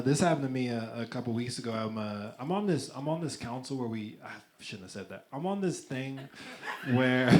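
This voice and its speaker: A man doing a live stand-up comedy set, talking loosely with lots of restarts and acting out other people's voices. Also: mid-range voice. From United States. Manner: loose, conversational delivery with frequent restarts and acted-out voices. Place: comedy club stage. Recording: live club recording with clear crowd laughter.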